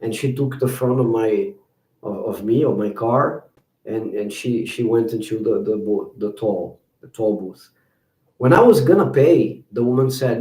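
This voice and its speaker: A male host tells stories to viewers in a casual, animated style, pitching his voice higher whenever he acts out what other people said. He talks a little slowly, and the audio sounds roomy and distant.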